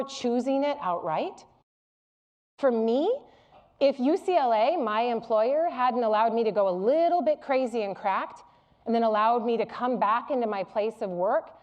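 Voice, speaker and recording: A middle-aged woman gives a public lecture to a live audience, sharing personal stories in a candid, humorous, animated way. Her voice is on the high side, and the recording's highs are cut off.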